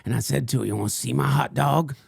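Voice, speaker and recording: A man's voice: mid-range voice, fast talker, creaky, slightly rough, no echo, studio quality. A man voicing an unhinged male conspiracy crank who rambles through a crude, mock-solemn tirade in a comedic character monologue. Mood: ranting.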